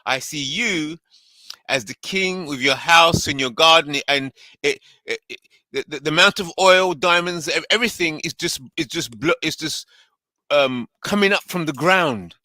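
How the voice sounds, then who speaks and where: Panel host, male, animated and laughing, voice sits high, dry close sound. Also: normal speed, no echo, poor audio. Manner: animated, laughs often, acts out voices in retelling. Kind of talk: casual panel discussion.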